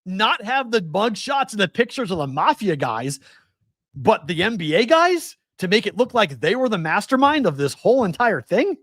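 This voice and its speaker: A man's voice: high voice, sing-song, moderate pace, fairly bright tone, no room sound, clean studio sound. A man with a Boston accent hosting a live sports betting show, ranting animatedly and firing off rhetorical questions. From Massachusetts.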